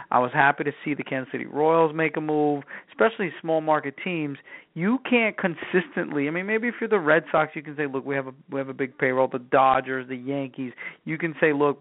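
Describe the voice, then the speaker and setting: A man co-hosting a casual sports chat, laying out his points in a steady, explaining way. His voice sits a bit high. It comes through thin and tinny, like a phone line. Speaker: sports talk show co-host.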